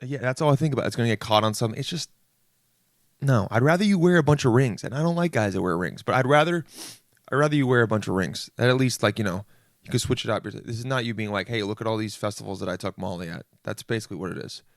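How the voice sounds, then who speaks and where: A man's voice: mid-range voice, expressive, quick pace, dry recording. Rambling young man, dry close mic. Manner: rambling, mocks others in put-on voices, self-deprecating. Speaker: podcast host. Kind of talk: solo comedic rant.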